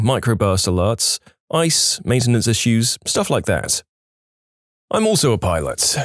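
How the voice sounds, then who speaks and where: A man narrating posts from an online forum, reading them in a lively, expressive way with a touch of playful sarcasm. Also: medium pitch, no room sound, clean studio sound. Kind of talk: storytelling narration.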